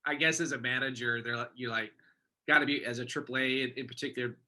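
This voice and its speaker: Bright-voiced easygoing male host. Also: medium pitch, fairly even intonation, fast talker. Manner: easygoing, affirming, rambling questions. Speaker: host, coach. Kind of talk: casual interview.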